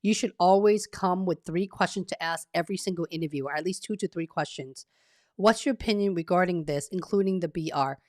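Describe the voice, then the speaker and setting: A woman's voice: fairly low pitch, fairly quick, a little mellow, no echo, clean studio sound. A woman hosting a live career-coaching stream, chatting casually, reading viewers' messages aloud and often checking in with "okay?". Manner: chatty and upbeat, with frequent "okay?" check-ins.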